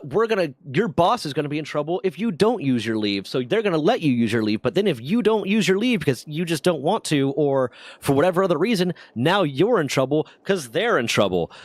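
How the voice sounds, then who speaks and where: A man co-hosting a gaming stream, telling candid, profane stories in casual chat with lively swings in his delivery. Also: a little high, dry recording. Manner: candid, profane, animated storyteller.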